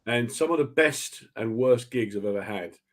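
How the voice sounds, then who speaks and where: A man hosting a casual radio chat and telling animated anecdotes, laughing often. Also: medium pitch, moderate pace. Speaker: radio host.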